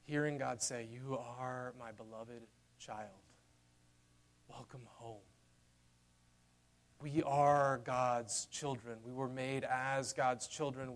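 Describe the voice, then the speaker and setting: A man preaching a sermon in a conversational style, dropping to a hushed, tender voice for key lines. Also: on the high side. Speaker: pastor.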